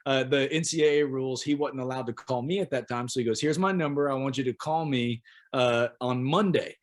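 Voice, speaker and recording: A man from Oklahoma, a pro football punter, telling a lively story as a podcast guest and acting out the voices of people he quotes. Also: mid-range voice, brisk. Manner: animated, acts out quotes of others. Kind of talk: casual storytelling interview.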